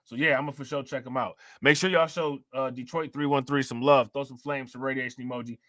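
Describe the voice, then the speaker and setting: A man hosting a casual crypto livestream, chatting in relaxed slang, laughing often and thanking viewers for their comments. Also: medium pitch, brisk, no echo, studio quality. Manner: laid-back slangy talk with frequent laughs. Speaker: crypto channel host.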